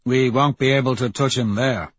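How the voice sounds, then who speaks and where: A serious male soldier commander who delivers his report in a flat, businesslike way, voiced by a man reading aloud. The voice is husky and mid-pitched. It was recorded close and dry, with a slightly dull sound. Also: moderate pace, no echo, natural voice. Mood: grim.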